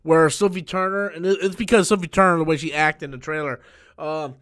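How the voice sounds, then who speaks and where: Under studio lights in a cramped room, a YouTube host chats on a live stream, swearing freely and getting worked up. He hums movie sound effects mid-sentence, and his voice is a little high and fairly quick.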